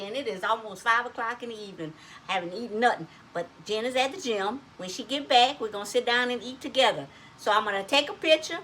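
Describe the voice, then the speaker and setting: A woman's voice: fairly high pitch, bright, forceful tone, a little hiss or hum, low-quality recording. A woman with a Louisiana Cajun accent hosting a casual home cooking vlog, chatty and folksy, always telling viewers to look. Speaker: cooking channel host. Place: home kitchen.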